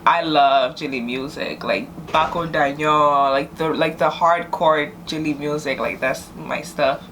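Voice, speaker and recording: Lower-voiced young woman, boastful and animated. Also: a little hiss or hum. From New York City. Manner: animated, boastful, quick bursts. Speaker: guest. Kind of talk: casual chat.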